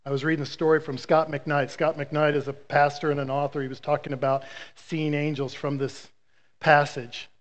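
A male pastor preaching a sermon, telling a Bible story with animated, playful asides to the congregation. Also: on the high side, normal speed.

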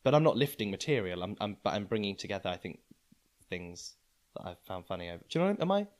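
A man's voice: fairly low pitch, big pitch swings, fast. A man in his twenties, a guest comedian, musing aloud in a casual chat and often restarting his sentences.

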